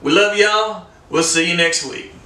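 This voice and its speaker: A man's voice: sits high, measured pace. A man telling stories as a podcast co-host, acting out what others said. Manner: animated storyteller, acts out quotes. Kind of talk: casual storytelling chat. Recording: echoey room, mic at a distance.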